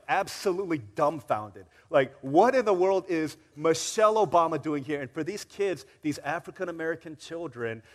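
A man preaching a sermon, telling a story in a lively way and acting out the quoted voices. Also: sits high, in a large hall. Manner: animated storyteller, acts out quotes with rising excitement. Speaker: pastor. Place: church sanctuary.

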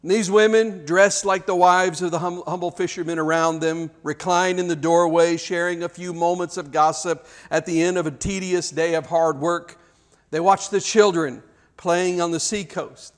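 A man preaching a sermon, telling a dramatic story and acting out the shouts of children. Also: high voice, fairly even intonation, moderate pace.

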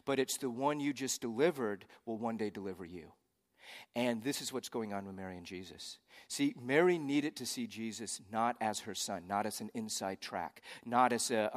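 A man's voice: lowish voice, in a large hall. A man pastor preaching a sermon in a conversational way, with joking asides.

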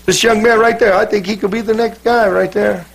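Male pastor, raspy and high, playful banter, fervent in prayer. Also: fairly even intonation, brisk. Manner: joking, playful with the congregation; fervent worship-leading in prayer. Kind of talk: sermon.

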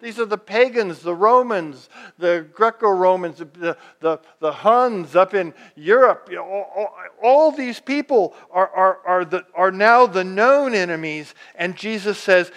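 High-voiced man preaching a lively sermon. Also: measured pace, hardly any pauses. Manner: animated preaching, acts out quoted speech, frequent restarts. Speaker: pastor.

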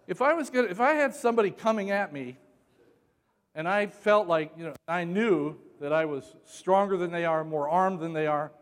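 Male pastor mid-sermon: high-pitched, playful, bursts into shouts, with a long echo in the church hall. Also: normal speed. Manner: shouts for emphasis, jokes with congregation.

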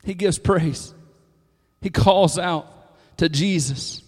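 A man preaching a sermon to a congregation, moving from hushed lines to loud, emphatic calls. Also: on the high side, takes it slowly, breathy edge. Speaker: pastor. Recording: long hall reverb.

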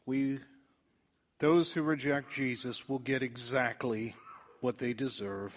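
A male preacher giving a dramatic evangelistic sermon in a church, swinging from loud appeals to hushed whispers. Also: medium pitch, fairly even intonation, slow pace.

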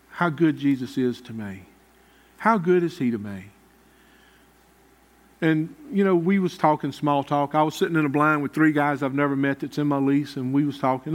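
A man preaching a sermon as pastor, in a folksy, conversational way. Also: on the high side.

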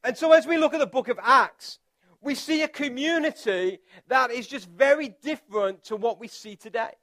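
High-voiced man preaching casually. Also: normal speed, a bit bright. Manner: chatty and self-deprecating, with filler words and restarts. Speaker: pastor. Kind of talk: conversational sermon.

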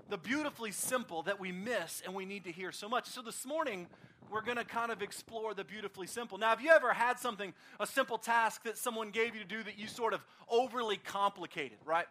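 A pastor preaching a conversational sermon, telling a story in a casual, animated way with frequent fillers. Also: male voice, high voice, a little fast. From Oklahoma, United States.

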